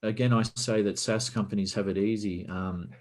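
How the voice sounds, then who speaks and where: A man's voice: on the low side, steady tone, moderate pace. A man from Australia, a podcast guest, explaining business operations in a casual video-call conversation and posing rhetorical questions.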